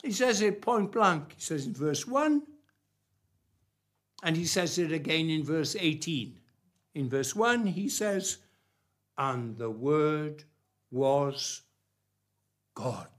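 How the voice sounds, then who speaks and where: A male preacher delivers his sermon slowly and deliberately. His voice sits a little high for a man. He drops to a hush and then swells loud to press home each point. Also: sing-song. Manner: emphatic, swings between soft and loud.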